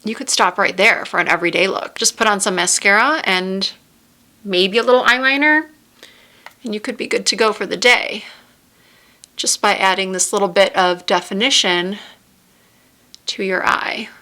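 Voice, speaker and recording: Bright-voiced chatty woman beauty vlogger. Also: medium pitch, moderate pace. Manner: chatty, giggly at times, narrates each step. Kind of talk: casual makeup tutorial chat. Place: home room with a window.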